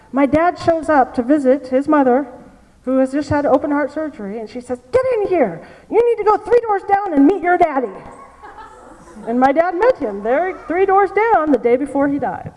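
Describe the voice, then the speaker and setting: High-pitched woman preaching in a hall. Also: dark tone. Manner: storytelling, repeats key phrases for emphasis. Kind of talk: sermon with personal story. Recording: long reverb of a large hall.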